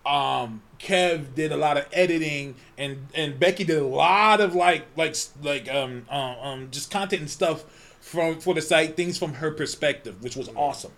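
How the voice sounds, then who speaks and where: Podcast co-host, male, high voice, lively profane storyteller. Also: moderate pace, gravelly. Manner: animated, profane, laughs often. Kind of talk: casual storytelling chat.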